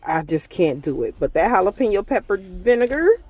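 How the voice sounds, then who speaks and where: A woman's voice: mid-range voice, big pitch swings, moderate pace, darkish tone, no echo. A woman giving a casual recipe voiceover from a parked car, chatty and folksy, her throat a little irritated. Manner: chatty, folksy, addresses viewers as y'all. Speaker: cooking vlogger. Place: parked car on a work break.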